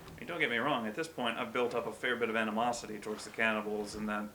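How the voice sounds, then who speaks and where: A man's voice: fairly low pitch, level tone, racing, sharp tone, a little hiss or hum. Man narrating a game, wry and jumpy. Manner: wry, self-deprecating musing with sudden startled yelps. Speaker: let's-play host. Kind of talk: gameplay commentary.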